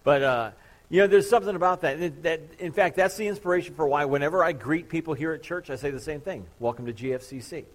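A man's voice: a little high, quick pace. A man in his thirties, a pastor preaching to his church congregation, telling a story in a casual, joking, self-deprecating way. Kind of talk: sermon.

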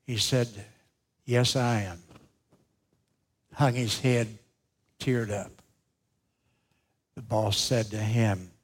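A man preaching a sermon, telling stories slowly and with emphasis. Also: medium pitch. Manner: slow, emphatic storytelling preacher. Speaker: pastor.

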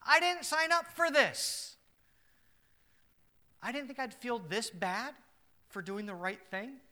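An anguished early church man, as a preacher puts him on, his voice climbing high and pressing hard as he pleads. The tone is bright and forceful, and the words tumble out in strained protest. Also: slow, full character voice. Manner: pleading, rising in pitch and force.

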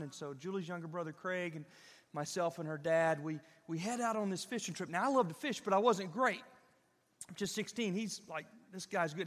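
Pastor, man with a drawl, high-pitched and folksy, chatting to the congregation in a reverberant sanctuary. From Southern Illinois. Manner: folksy, animated, addresses the audience directly. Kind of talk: storytelling sermon. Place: church sanctuary. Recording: reverberant church hall.

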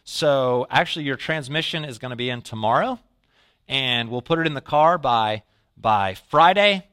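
A man preaching a casual sermon, telling a personal story and often dropping to a low, quiet voice when he quotes himself. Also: clear, resonant tone, dry recording, studio quality. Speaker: pastor.

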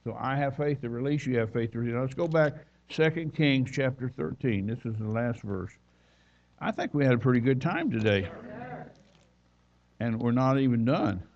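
A man's voice: medium pitch, moderate pace, vocal fry, darkish tone. Folksy male preacher, lo-fi recording. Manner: folksy storytelling, reads scripture aloud. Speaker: visiting preacher. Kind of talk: sermon.

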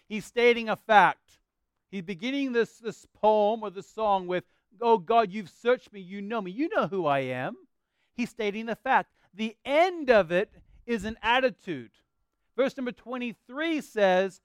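An Australian man preaching a sermon, earnest, slowing down to draw out scripture and prayers. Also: high-pitched, expressive, clear, resonant tone, no room sound, studio quality. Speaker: pastor.

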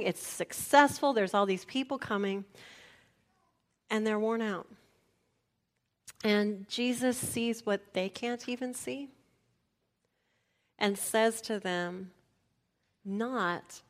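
A woman pastor, preaching a personal, confessional sermon and dropping to a near whisper at tender moments. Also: mid-range voice.

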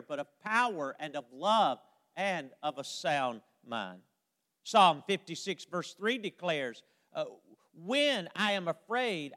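Slow, high-voiced preaching man in reverb. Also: a bit bright. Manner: emphatic preaching with drawn-out phrase endings, quoting old scripture. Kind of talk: sermon. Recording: long hall reverb.

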